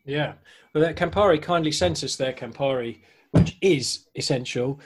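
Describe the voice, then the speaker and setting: A man's voice: on the high side, normal speed, background noise. A man co-hosting a casual online talk show about cocktails, chatty and jokey as he explains a drink's history. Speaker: podcast co-host.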